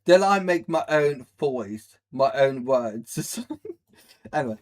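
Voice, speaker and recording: A man's voice: mid-range voice, lively intonation, slow pace, a little mellow. A man hosting a live stream, ranting bluntly and rambling in a mocking way as he reacts to videos. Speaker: livestream host.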